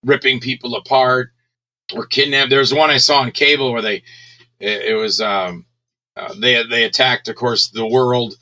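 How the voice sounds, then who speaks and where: Casting note: middle-aged man, very bright tone, rambling and animated, given to acting out scenes. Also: mid-range voice, normal speed, rough recording. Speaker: guest filmmaker. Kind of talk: casual interview talk.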